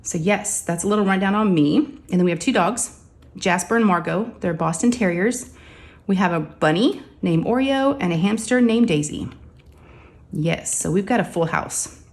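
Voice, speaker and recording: A woman's voice: mid-range voice, normal speed. A woman, chatting casually and ramblingly to her viewers from her home craft room. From Texas. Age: 40s. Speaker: crafting vlogger.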